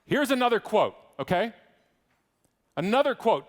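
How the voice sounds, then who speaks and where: A middle-aged keynote speaker with a Canadian accent jokes wryly and teases the crowd from a large conference hall stage. He talks in a fairly high, sing-song voice at a moderate pace, pausing often, and the hall adds long reverb.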